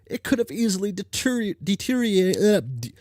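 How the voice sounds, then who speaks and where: A blunt, sharp-tongued teenage troll girl from a webcomic, read aloud by a reader with a dry delivery. The sound is dry and close to the mic. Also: medium pitch, big pitch swings, fairly quick, no echo, voice pushed up, close to an everyday voice. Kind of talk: reading comic dialogue aloud.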